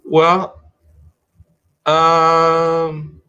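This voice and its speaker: A man's voice: on the high side, monotone, drawn-out words, bright, forceful tone, clean tone, lo-fi sound. A middle-aged man hosting a live-streamed talk show in casual chat, rambling and restarting his sentences as he thinks aloud.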